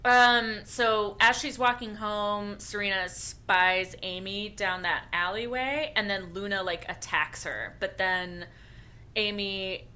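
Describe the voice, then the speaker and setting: A woman's voice: medium pitch, fairly even intonation, slow pace, sharp tone. A woman co-hosting a casual podcast chat, giggling as she retells scenes. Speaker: podcast co-host. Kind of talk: casual chat comparing anime versions.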